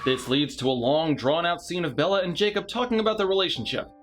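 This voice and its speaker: A man's voice: fairly high pitch, quick pace, very noisy. A man narrating a scripted comedic movie review with sarcastic, mocking asides.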